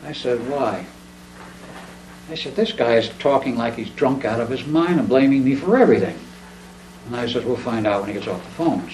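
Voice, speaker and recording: A man casually telling a long, rambling personal story in a living-room chat, acting out the dialogue as he goes. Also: medium pitch. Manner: rambling, animated, acts out quoted dialogue. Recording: roomy, distant mic, faint background noise.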